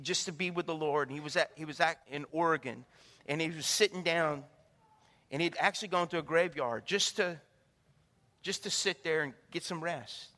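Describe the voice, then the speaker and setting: Animated preacher man in an echoey hall. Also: fairly high pitch. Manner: animated, calls out to the congregation, acts out the people in his stories. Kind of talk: sermon with storytelling. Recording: echoey hall with long reverb.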